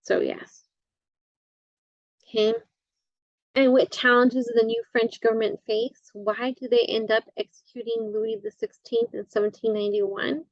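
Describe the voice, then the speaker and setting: Halting woman lecturing, dull dry sound. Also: a little high, level tone, dry recording. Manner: halting, many fillers and self-corrections. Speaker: instructor. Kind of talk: recorded lecture.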